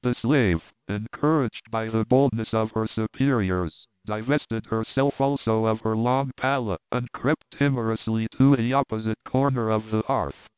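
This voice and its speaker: A man narrating a classic novel in a measured, formal reading. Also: on the low side, smooth, dry recording. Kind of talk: audiobook narration. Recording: tinny phone-like dry sound.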